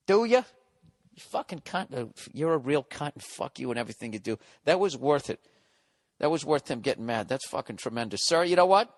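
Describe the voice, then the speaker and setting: Podcast host in his 40s, brash, profane sarcastic rant, a touch high-pitched, long reverb on the voice. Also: fairly bright tone. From United States. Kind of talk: ranting podcast monologue.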